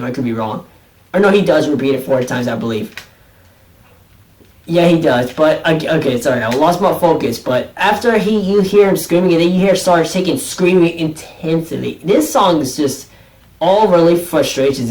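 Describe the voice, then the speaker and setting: A man giving a casual, excitable album review, rambling with many restarts and repeated phrases. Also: on the high side, distant mic. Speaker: music reviewer.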